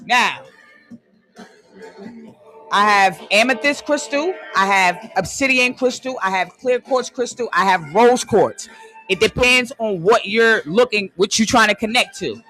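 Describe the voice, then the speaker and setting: A livestream host ranting emphatically, often repeating "excuse me" and "hold on", swinging between loud and hushed and drawing out key phrases into a phone. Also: medium pitch, moderate pace, faint music behind. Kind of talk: conspiracy rant on a live stream.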